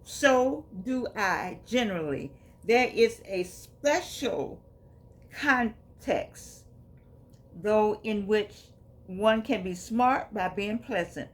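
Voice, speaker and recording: A woman's voice: mid-range voice, lively intonation, takes it slowly. A woman casually reading passages from a book aloud and talking them over in a conversational, down-to-earth way. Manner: grows quiet and subdued. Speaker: vlogger reading and commenting on a book.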